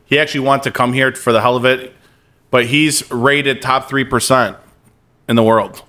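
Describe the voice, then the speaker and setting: A man with a bright, ringing voice pitched squarely in the middle, chatting as a guest about the lounge he co-owns. He tells his stories loosely and with energy, with casual swearing and easy laughter. He is talking inside a cigar lounge. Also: moderate pace. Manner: lively storyteller, swears casually, laughs often. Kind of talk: casual podcast chat.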